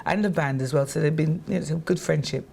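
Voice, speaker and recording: A woman from England, a singer telling stories from her career in a chatty, animated way, with fillers and restarts, raising her voice to act out quotes. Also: sits low, quick pace, vocal fry, a little hiss or hum. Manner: animated, acts out quotes in a raised voice. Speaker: guest singer. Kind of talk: casual storytelling interview.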